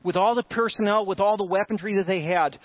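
High-voiced pastor preaching, tinny. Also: male voice, fast talker, no room sound. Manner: emphatic, rising with conviction, conversational asides. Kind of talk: sermon. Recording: tinny phone-like sound, dry.

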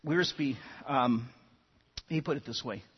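A man's voice: medium pitch, slow pace, slightly rough, long reverb tail, muffled recording. A man preaching a sermon, telling stories and often repeating words as he starts sentences. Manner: animated storytelling, repeats words when starting. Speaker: pastor.

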